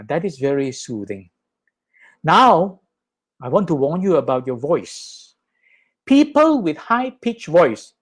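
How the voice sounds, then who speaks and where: A man teaching in a live Dhamma talk, conversational and animated, often checking in with his listeners. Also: slow pace. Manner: animated, acts out high and low sounds with his voice. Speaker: Buddhist teacher.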